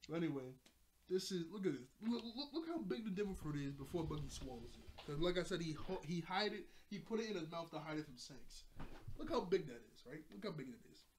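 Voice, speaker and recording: A man's voice: fairly high pitch, animated, fairly quick, slight background noise. A man casually recapping an anime episode, rambling, laughing often and correcting himself mid-sentence. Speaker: anime reviewer.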